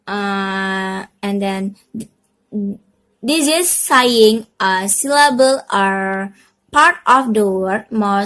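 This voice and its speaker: Young woman, student presenter, high-ish voice, slow, halting delivery full of fillers and restarts. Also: a bit bright. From Indonesia. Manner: halting, with fillers and self-corrections. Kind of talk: reading a class presentation.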